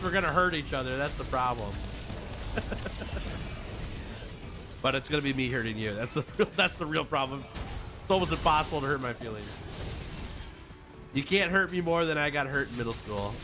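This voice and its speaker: With game music playing behind him, a man streams a game and chats casually and playfully with viewers, laughing often and reading their messages aloud. His voice is medium-pitched and brisk, with long pauses.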